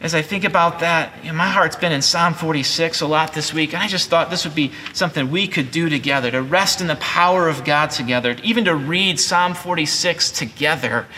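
A man's voice: fairly high pitch, a little fast, hardly any pauses, sharp tone, a little hiss or hum. A man in his forties preaching a sermon as pastor, earnest and conversational with frequent restarts. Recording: long hall reverb.

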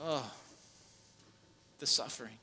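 A man's voice: mid-range voice, slow pace, husky. Preacher man in an echoing hall. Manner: builds to loud impassioned preaching. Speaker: pastor. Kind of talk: sermon. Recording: long echo in a large hall.

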